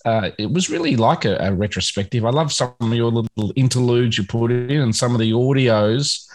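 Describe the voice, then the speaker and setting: A man's voice: mid-range voice, lively intonation, moderate pace. A man co-hosting a podcast in casual chat, joking and laughing as he talks. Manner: jokey, laughs often. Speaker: podcast co-host.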